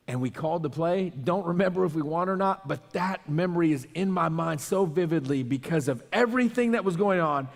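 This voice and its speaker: Animated male pastor in a reverberant hall. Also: on the high side. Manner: animated storytelling, acts out shouts and quotes. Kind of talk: sermon.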